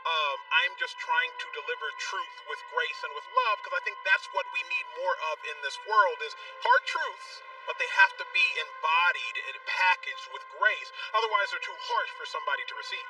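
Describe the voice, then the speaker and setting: Earnest, measured man on radio. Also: high-pitched, sing-song, pushed and bright, distant mic, a little hiss or hum, low-quality recording. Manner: measured, earnest, careful with words. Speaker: author and former NFL player, guest. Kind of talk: radio interview.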